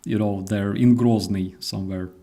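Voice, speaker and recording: Man with a Ukrainian accent, halting. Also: on the low side, creaky. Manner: halting, full of fillers and restarts, relaxed. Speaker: host. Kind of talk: casual chat, storytelling.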